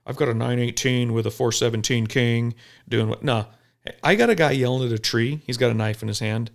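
A police officer talking bluntly and profanely in a casual podcast chat, telling animated stories. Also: male voice, medium pitch, brisk. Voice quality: gravelly.

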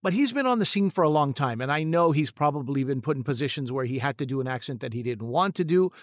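A man's voice: mid-range voice, lively intonation, quick pace, no echo, studio quality. A man who co-hosts a podcast and works as a comedic actor, talking casually and thoughtfully, often restarting his sentences as he tells a story.

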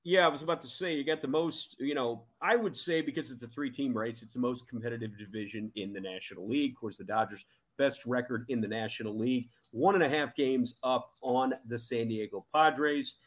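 Opinionated mid-pitched sports podcast man. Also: a little fast, few pauses. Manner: opinionated, emphatic. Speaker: podcast co-host. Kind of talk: casual sports chat.

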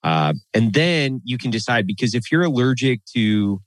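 A man talking bluntly and with a lot of swearing in a casual podcast chat, getting animated when he rants. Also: mid-range voice, normal speed, dry recording.

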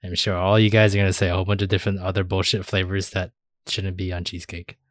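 A man's voice: low-pitched, level tone, fast, a bit bright, dry recording, clean studio sound. A man hosting a casual podcast, chatting loosely, swearing freely and leaning on fillers like "uh" and "like". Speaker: podcast host.

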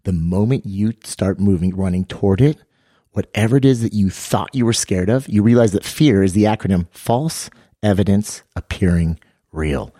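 A man's voice: moderate pace, no echo, clean studio sound. A man co-hosting a podcast, telling a story as a fitness coach and acting out the quotes he tells. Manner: energetic storyteller, acts out quotes with raised pitch.

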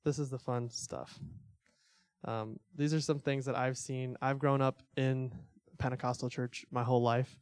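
A man's voice: medium pitch, little pitch movement, measured pace, darkish tone, no echo. A young man giving a casual, conversational church teaching, full of fillers and little laughs. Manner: conversational, filler-heavy, self-deprecating laughs.

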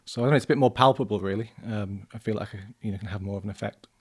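His voice is fairly low and rapid-fire: a thirtysomething journalist with a northern English accent, guesting on a relaxed podcast. He keeps stumbling, restarting sentences and filling gaps with ums.

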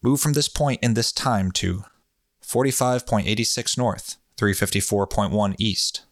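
A man voicing a calm male session monitor, giving slow, measured, repeated directions in a hypnotic manner. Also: on the low side, no room sound, clean studio sound, close to an everyday voice.

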